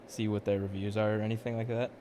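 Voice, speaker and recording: A podcast co-host chatting casually, dropping quick jokes and follow-up questions. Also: medium pitch, little pitch movement, mellow, a little hiss or hum. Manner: quick joking interjections. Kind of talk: casual chat with quips.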